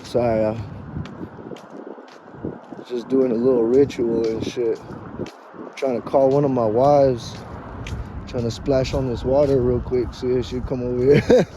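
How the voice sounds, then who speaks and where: A man's voice: medium pitch, fairly even intonation, measured pace, pauses often, muffled recording, noisy background. A man talking in a casual, profane, rambling vlog monologue, emphatic and dramatic with joking asides, recorded outdoors. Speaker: vlogger.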